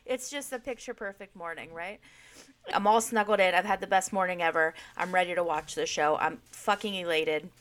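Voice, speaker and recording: A woman's voice: on the low side, normal speed. Frank, swearing woman in chat. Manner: frank, swears freely, lively storytelling. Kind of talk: casual chat.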